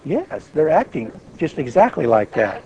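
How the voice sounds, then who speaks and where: A man leading an informal Bible study, lively and acting out prayers as he talks. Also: fairly high pitch, normal speed, highs cut off. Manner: animated, acts out prayers and quotes.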